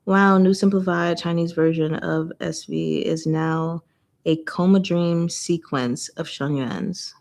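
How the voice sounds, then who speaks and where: Animated woman chatting about a book. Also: low-pitched, slow pace, vocal fry. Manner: animated, exclaims and laughs often. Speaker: book discussion host. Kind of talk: casual chat.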